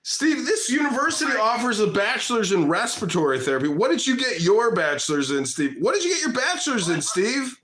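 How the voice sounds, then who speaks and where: A man hosting a livestream, mocking and taunting a caller in a loud, heated debate. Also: high voice, sing-song, brisk, few pauses, a crowd in the background. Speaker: livestream host.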